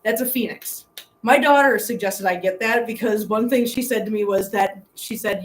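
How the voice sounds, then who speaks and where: A woman's voice: mid-range voice, moderate pace, a little hiss or hum, poor audio. A middle-aged woman hosting a live stream from a hotel room. She talks earnestly and from the heart to her viewers and laughs often. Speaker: channel host.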